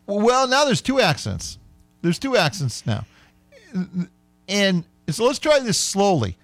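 A man hosting a sports radio show, chatting casually and playfully, sometimes slowing right down to sound out words. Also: high-pitched, vocal fry, a bit bright, no echo.

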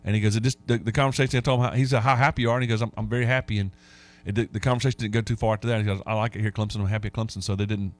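A man hosting casual sports talk radio, telling stories and getting animated when he quotes others. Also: fairly low pitch, rapid-fire, soft background music.

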